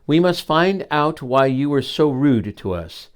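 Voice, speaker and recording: A man's voice: a little high, animated, unhurried, clean tone, pitched above the performer's own voice. An earnest, big-eared storybook dog who announces his words, read by an older man.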